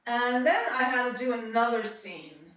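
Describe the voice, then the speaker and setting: A woman's voice: a little high, measured pace, a bit bright, heavy reverb, recorded from a distance, soft background music. A woman from Queens with a New York accent, telling stories about acting class in a chatty way and acting out quotes. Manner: chatty, laughs often, acts out quotes. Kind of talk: casual storytelling monologue.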